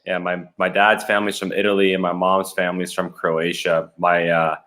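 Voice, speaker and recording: A young man from Canada, a hockey goalie appearing as a guest on a podcast, telling stories in a relaxed, chatty way and laughing often. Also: sits low, moderate pace. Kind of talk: casual podcast chat.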